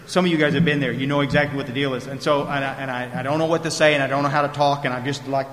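Speaking in an echoey hall with long reverb, a man with a mid-range, a bit bright voice and fairly even intonation tells a group his personal recovery story. He races along yet drawls, restarting sentences and repeating words often.

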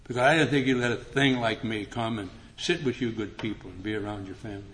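An older man speaking at a recovery meeting, telling a humorous personal story and getting animated as he acts out conversations. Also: fast talker, slight background noise. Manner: animated, rises in pitch when acting out dialogue. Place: meeting room before an audience.

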